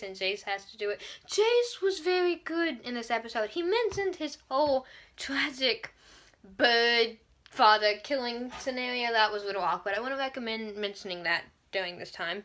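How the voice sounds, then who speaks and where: A young woman gives a casual fan review of a TV episode, gushing and rambling with quick asides. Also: fairly high pitch, a bit bright.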